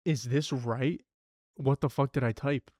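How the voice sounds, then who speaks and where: A man's voice: mid-range voice, steady tone, measured pace, a little mellow, no echo, clean studio sound. A young man streaming himself solving word puzzles, thinking aloud, swearing and muttering clues to himself.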